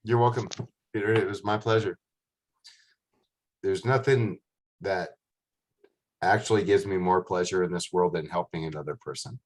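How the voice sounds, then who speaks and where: A man's voice: low-pitched, fairly even intonation, normal speed, pauses often. A man hosting a casual group video call, upbeat and encouraging, greeting people by name. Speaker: host of an online call.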